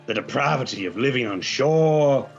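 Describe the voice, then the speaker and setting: A man's voice: medium pitch, animated, moderate pace, creaky, faint music behind. A man playing a swaggering pirate orator. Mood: rousing. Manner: theatrical, rousing speechmaking. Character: swaggering male pirate giving grand speeches. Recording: slightly dull lo-fi audio.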